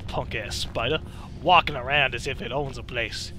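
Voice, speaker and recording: A young man rambling through casual gameplay commentary, excitable and profane. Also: medium pitch, normal speed, soft background music. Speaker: let's play gamer.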